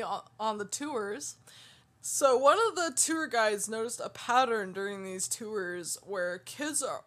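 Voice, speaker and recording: A woman's voice: mid-range voice, a bit bright. Female podcast co-host, casual and giggly, reading her research. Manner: laughs often, reads details aloud.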